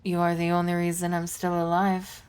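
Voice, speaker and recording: A woman's voice: on the low side, completely flat delivery, normal speed, a little mellow, clear, resonant tone, close to an everyday voice. A woman voicing a weary, sentimental female psychic companion in a put-on accent, reading with a wistful manner.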